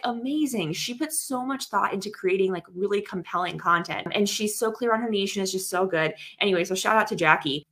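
A woman's voice: medium pitch, fairly bright tone. A woman co-hosting a podcast in casual chat, earnest and chatty, often acting out quotes from other people. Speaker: podcast co-host.

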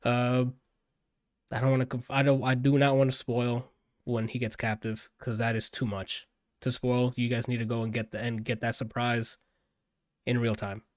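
With a mid-range, level voice at a moderate pace, a man raves on a podcast about a movie he's just watched. The studio-quality recording is dry, and his casual review rambles with fillers and plenty of swearing.

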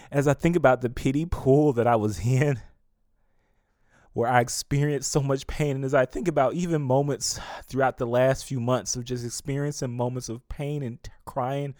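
A man hosting a devotional podcast, reading scripture and reflecting on it earnestly and emotionally, his voice climbing when moved, with some halting restarts. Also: mid-range voice, darkish tone, no echo, studio quality.

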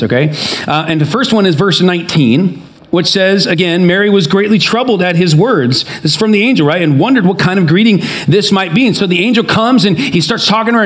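A middle-aged man, a pastor, giving a casual, animated sermon with many fillers and asides. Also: sits high.

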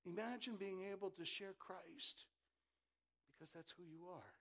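Pastor, male, high tenor, fervent sermon delivery, rises to shouts then drops to a hush. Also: a little slow, vocal fry. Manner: impassioned preaching that drops to a hush; calls for congregation responses. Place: church.

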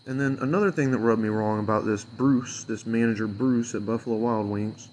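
A man's voice: on the low side, steady tone, brisk, a little mellow, slight background noise. A man venting as an unhappy customer in a fuming, sarcastic rant full of swearing that rambles loosely from point to point. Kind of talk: angry profane rant to camera.

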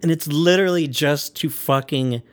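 A man's voice: a little high, normal speed. A man co-hosting a podcast in loose, rambling casual chat, full of fillers and frequent laughter. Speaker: podcast co-host.

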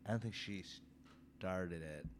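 A man with a low voice talks steadily as a podcast co-host and reads facts aloud. Faint noise hangs behind him. He makes his points in an insistent, measured way. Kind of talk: casual chat.

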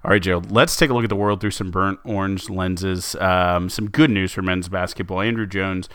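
A man with a low voice chats his way through a sports podcast, stopping and restarting often. The sound is dry and close, with no room around it. He keeps it loose and conversational. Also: fairly even intonation, normal speed, a bit bright, clean tone, dry recording. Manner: chatty, many fillers and restarts. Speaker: podcast co-host. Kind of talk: casual sports podcast chat.

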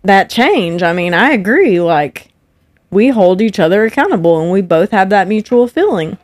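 A woman's voice: mid-range voice, normal speed, dry recording, clean studio sound. A young woman, a podcast guest telling stories in casual chat and acting out what people said. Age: young adult. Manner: animated, acts out quoted voices. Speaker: podcast guest, host's wife.

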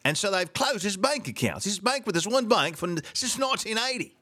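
A man's voice: sits high, very animated, brisk, bright, forceful tone. A middle-aged man hosting a solo talk show, ranting with sarcastic indignation.

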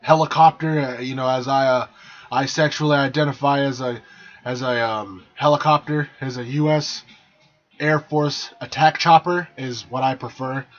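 The speaker is a young man from San Jose, California, whose mid-range voice stays fairly even at a moderate pace as he rants on a podcast. He's blunt, crude, exasperated, and swears constantly, recorded in a small, partly closed room with dull lo-fi sound.

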